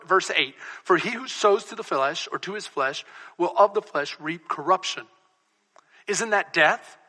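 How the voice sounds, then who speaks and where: A man's voice: sits high, sharp tone. A man pastor from Texas preaching a sermon, telling stories and building to emphatic repeated declarations in a church sanctuary. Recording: long church reverb.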